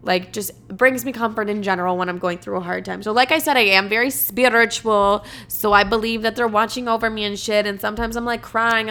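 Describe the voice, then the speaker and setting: Young woman vlogger, mid pitch, casual and raw, lots of "like" and cursing. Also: steady tone, brisk, hardly any pauses, bright, forceful tone. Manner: casual, swears often, heavy use of "like". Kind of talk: candid personal storytelling to camera.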